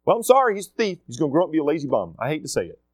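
A middle-aged school leader speaks to students very fast in a slightly high voice with huge pitch swings. His talk is casual and emphatic, with repeated key phrases and acted-out quotes, and there's no echo.

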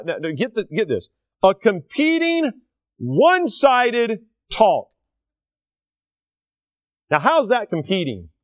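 A man preaching with a high, lively voice that swings widely in pitch. He is indignant and sarcastic, and his voice sounds dry and close. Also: no echo. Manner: animated, indignant, sarcastic asides. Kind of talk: sermon.

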